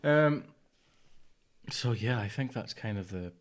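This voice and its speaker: A man's voice: medium pitch, expressive, takes it slowly. A man, co-hosting a casual podcast chat, rambling and dropping into mutters. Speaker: podcast co-host.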